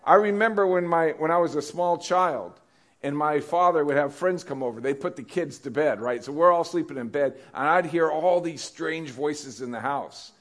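A man's voice: a little high, moderate pace, a bit bright. A male pastor preaching a conversational sermon, often repeating questions to the congregation.

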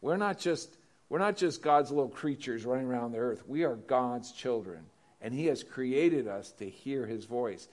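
A man's voice: medium pitch, animated, moderate pace, darkish tone. Male pastor giving a sermon, conversational, keeps checking in with the congregation. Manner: conversational preaching with questions to the congregation.

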